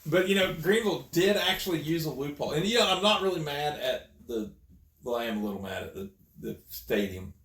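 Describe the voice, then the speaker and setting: A man's voice: on the high side, lively intonation, fairly quick, fairly bright tone, reverberant. A man co-hosting a podcast, casually explaining his opinions. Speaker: podcast co-host. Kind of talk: casual chat.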